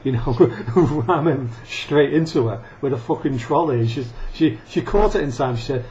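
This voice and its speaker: A man rants to the camera with warmth in his medium-pitched voice and a moderate pace. The vlogger swears a lot in this profane monologue, laughing and coughing between rants, and the recording is dull and lo-fi with faint noise.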